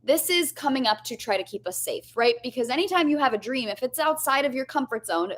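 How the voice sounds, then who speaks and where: High-voiced, candid woman coach. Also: fairly bright tone. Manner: candid, chatty, swears casually, frequent "right?". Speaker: life coach. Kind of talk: motivational video lesson.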